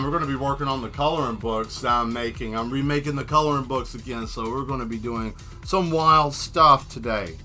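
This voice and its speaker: A man with a bright, forceful voice on the high side hosts a casual livestream while drawing. He jokes and rambles directly to viewers, painting and answering chat as he goes.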